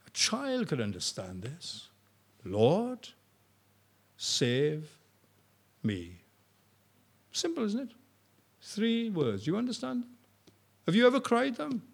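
An older preacher with a somewhat high voice delivers a sermon. He moves from hushed, unhurried storytelling to sudden loud, soaring questions aimed at the congregation. His pitch leaps widely as he presses his points. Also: huge pitch swings, gravelly, slightly rough. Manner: swings from soft, slow storytelling to loud, high-pitched appeals.

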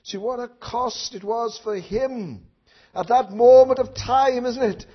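A man preaching a sermon who swings from hushed asides to loud impassioned outcries, with many rhetorical questions to his listeners. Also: very high voice, slow. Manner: tag questions and rhetorical questions to the congregation. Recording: dull lo-fi recording.

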